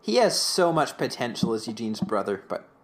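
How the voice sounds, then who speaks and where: A man's voice: medium pitch, very animated, normal speed, slight background noise. A young man co-hosting a casual fan podcast, rambling through a retelling with many fillers. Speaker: podcast co-host.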